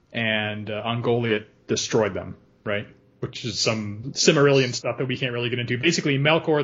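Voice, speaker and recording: A man co-hosting a podcast, talking casually about a film in an animated way, laughing often. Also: mid-range voice, dull audio. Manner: animated, laughs often, quotes lines in funny voices. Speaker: podcast co-host.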